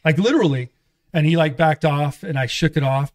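A man with a slightly raised voice shares his testimony in a relaxed interview. He is an animated storyteller who drops into the voices of the people he talks about. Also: a little high, brisk. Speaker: pastor and guest. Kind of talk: conversational testimony.

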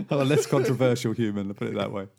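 A man chatting about television shows with a co-host. He talks hesitantly, with plenty of fillers and restarts, and laughs often. His voice sits at an ordinary middle pitch. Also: expressive, a little fast, vocal fry, a little mellow. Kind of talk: casual chat about TV.

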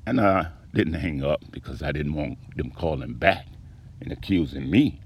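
A man delivering a rhythmic spoken-word monologue about a personal grievance, profane and aggrieved, swinging between low mutters and loud outbursts. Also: moderate pace, creaky, a little hiss or hum. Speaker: storyteller recounting a personal grievance.

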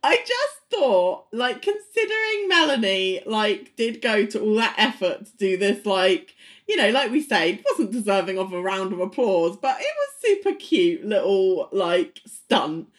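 A woman's voice: mid-range voice, very animated, unhurried. A woman chatting casually as a podcast co-host, giggly and enthusiastic. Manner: giggly, enthusiastic, frequent fillers and restarts. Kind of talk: casual chat.

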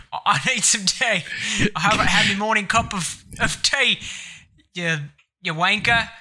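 A man putting on a loud, exaggerated Cockney accent for a rude bloke. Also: high-pitched, a little slow, voice pushed up, heavily acted. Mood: brash. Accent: mock Cockney. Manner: brash, shouty.

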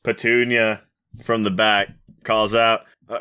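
A man's voice: fairly low pitch, moderate pace, sharp tone. A man narrating a tabletop game as game master, casual and rambling, with some swearing.

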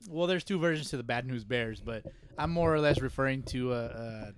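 A man's voice: mid-range voice, fairly quick, slight background noise. A man co-hosting a podcast who teases the others with jokey interruptions. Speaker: podcast co-host. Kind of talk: casual chat.

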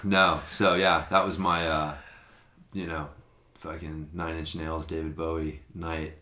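This man's voice is very deep and unhurried, with slight background noise, as he rambles through a long story for a podcast. He swears frequently and tells it in a lively, profane way, and the space sounds echoey.

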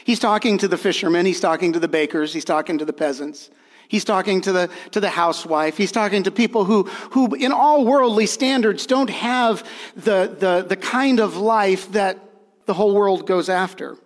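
A man with a high-pitched voice preaches an earnest, emphatic sermon, repeating key phrases for weight. His voice rings with the long reverb of a church hall. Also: normal speed. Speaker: pastor.

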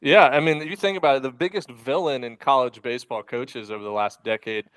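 A man's voice: mid-range voice, fairly even intonation, a little fast, a bit bright, no echo. A man co-hosting a casual sports podcast, easygoing and jokey, asking his partners questions. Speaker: podcast co-host.

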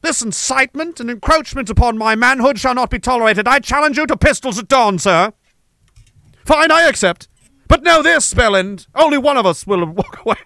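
A man voicing a pompous, old-fashioned gentleman who challenges a rival to a duel in theatrical, formal speech. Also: very high-pitched, lively intonation, normal speed, vocal fry, no room sound, voice pushed up, heavily acted. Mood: indignant.

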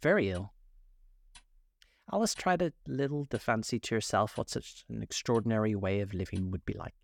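A man narrating a storybook in a calm, measured reading. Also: on the low side, creaky.

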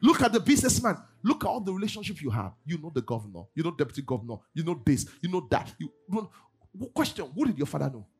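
A man preaching a sermon in church, swinging between loud bursts and low asides. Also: big pitch swings, fast, slightly rough. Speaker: pastor. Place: church service.

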